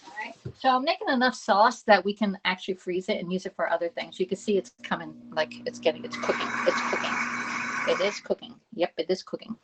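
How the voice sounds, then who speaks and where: A woman's voice: mid-range voice, quick pace, few pauses, a little hiss or hum, rough recording. A woman in her fifties with a Southern US accent, chatting to viewers during a live home cooking stream and talking herself through each step. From Pennsylvania. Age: 50s. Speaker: cooking livestream host. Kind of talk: casual live cooking demo. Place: home kitchen.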